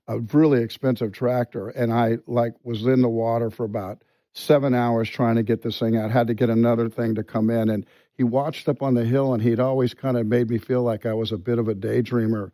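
A middle-aged man, a podcast guest, tells a personal story with many restarts and pauses. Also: mid-range voice, fairly even intonation, no echo. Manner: halting, full of restarts and quiet asides. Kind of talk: conversational storytelling.

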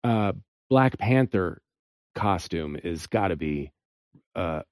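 A man's voice: low-pitched, animated, a little mellow, no room sound, clean studio sound. A man who is an actor, chatting as a talk show guest and telling stories with many restarts. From lives in New York. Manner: halting, self-interrupting storyteller. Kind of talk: casual chat.

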